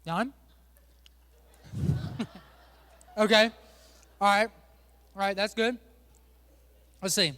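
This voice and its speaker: A man's voice: high voice, drawn-out words, long pauses, sharp tone, clean tone, long reverb tail. A male pastor giving a playful sermon, joking and chatting with volunteers on a church stage.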